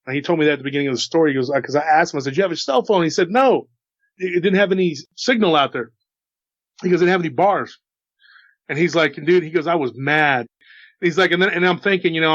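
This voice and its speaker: Male storyteller, slightly high, loose rambling delivery; muffled lo-fi recording. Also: a bit bright, no echo. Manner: rambling, repeats "he goes" and restarts often. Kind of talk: casual retelling of an eyewitness story. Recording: dull lo-fi dry recording.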